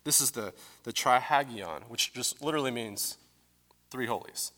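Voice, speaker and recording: Male pastor, casual explanatory sermon voice, mid pitch, echoing sanctuary. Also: animated, moderate pace, sharp tone. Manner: conversational, explanatory, with fillers. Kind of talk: teaching sermon. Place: church sanctuary.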